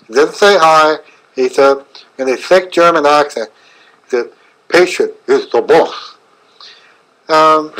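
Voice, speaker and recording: A man's voice: on the high side, fairly bright tone, poor audio. A middle-aged man with a slightly raised voice talks through a webinar lecture. He speaks in short, broken phrases, stopping often with fillers before pressing on. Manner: halting, fragmented phrasing with frequent fillers. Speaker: chiropractor presenting a webinar.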